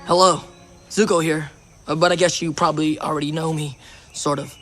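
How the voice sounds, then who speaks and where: An actor playing a brooding young prince who fights with fire, speaking in an awkward, halting way in a cartoon clip. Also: male voice, fairly high pitch, fairly even intonation, a bit bright, soft background music, close to an everyday voice. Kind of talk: cartoon voice acting.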